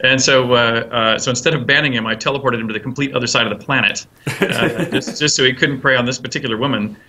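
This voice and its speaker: A man's voice: medium pitch, steady tone, fast, bright, forceful tone. A man, a game designer, answering interview questions and telling a long anecdote with many fillers and restarts. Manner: rambling, many fillers and restarts, acts out quotes.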